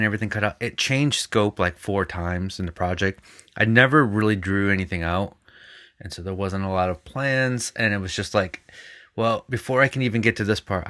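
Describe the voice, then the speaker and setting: Lower-voiced guy chatting easy on a podcast, says um a lot, bright sound. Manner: easygoing, with many filler ums. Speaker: podcast co-host. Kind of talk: casual chat.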